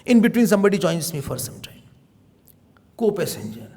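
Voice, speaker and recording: Indian man, spiritual teacher, high voice, very lively pitch, playful discourse. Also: brisk. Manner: animated, playful, mixes in Hindi phrases.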